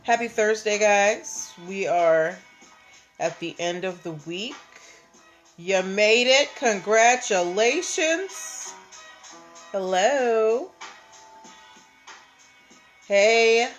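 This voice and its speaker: Slow-talking woman hosting a casual livestream. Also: mid-range voice, expressive, soft background music. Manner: chatty, greets viewers by name. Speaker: livestream host.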